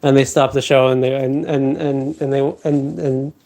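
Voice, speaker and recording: A man's voice: medium pitch, flat delivery, moderate pace, gravelly, a little mellow. A man hosting a live stream, rambling in a repetitive, emphatic, half-joking rant. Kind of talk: rambling casual monologue.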